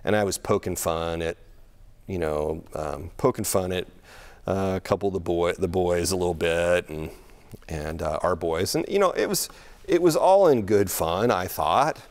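A man's voice: low-pitched, normal speed. A middle-aged man preaching a sermon in a church, conversational, laughing often and repeating words as he thinks. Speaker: pastor.

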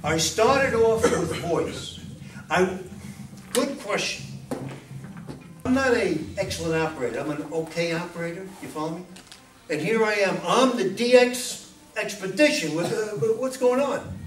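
A man's voice: sits high, animated, unhurried. A man giving an informal talk to a club meeting as a guest speaker, chatty and often asking the audience questions. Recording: echoey room, distant mic, faint noise.

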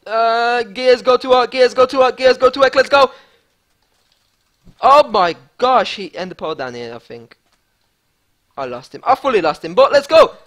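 A man giving excitable live gameplay commentary as a gaming YouTuber, hyped and repeating himself. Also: very high voice, moderate pace, long pauses.

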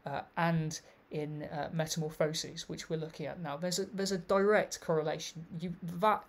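A man's voice: fairly high pitch, steady tone, normal speed. A man giving an explanatory video lecture, reading passages aloud and commenting on them as he goes. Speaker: literary researcher presenting a thesis.

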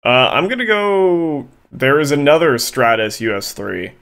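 A man streaming a game at a middle pitch. He jokes loosely with his friend and his chat while he plays, in a casual, offhand way. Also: big pitch swings, measured pace, gravelly, fairly bright tone, clear, resonant tone. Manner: joking, loose, talks to chat while playing.

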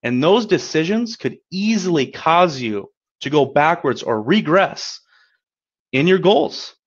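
A man's voice: a little high, animated, takes it slowly, husky, muffled recording. Upbeat man coaching on a webinar. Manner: upbeat, encouraging, conversational, often asks "right?". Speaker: credit repair coach. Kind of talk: webinar presentation.

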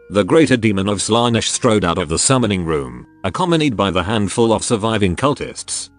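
A man's voice: fairly low pitch, brisk, few pauses. A male text-to-speech voice narrating a science-fiction fan story. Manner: even, synthetic reading. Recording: faint background music.

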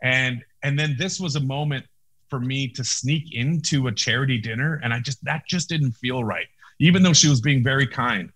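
A man talks as a guest over a video call. His voice sits at a medium pitch, and he tells his story with animated energy, restarting his phrases and acting out what people said. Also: normal speed. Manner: animated storyteller, many restarts, acts out quotes. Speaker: interview guest, actor. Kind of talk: casual storytelling interview.

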